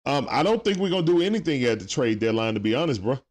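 A man's voice: mid-range voice, very animated, fast talker. A young man hosting a live stream, chatting casually with viewers and reading their comments in a laid-back, slangy way.

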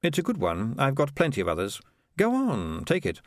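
A man reading the part of a cynical, swaggering male rat piper in a low, conspiratorial drawl. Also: huge pitch swings, normal speed, no echo, clean studio sound. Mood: sly.

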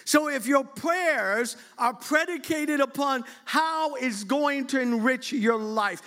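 A middle-aged man preaching a lively church sermon to his congregation, playful and animated, breaking into shouts and laughter. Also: very high-pitched, takes it slowly. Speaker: bishop preaching.

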